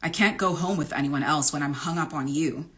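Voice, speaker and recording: A woman's voice: low-pitched, fairly quick, close to an everyday voice. A woman reading as a cocky college jock. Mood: pleading. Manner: blunt, brash, swearing. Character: cocky young male college hockey player. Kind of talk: romance novel read-aloud.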